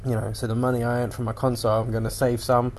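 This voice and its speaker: A man's voice: mid-range voice, level tone, quick pace, darkish tone, a little hiss or hum. A man hosting a casual solo podcast, rambling and swearing as he animatedly retells what he watched on TV. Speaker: podcast host.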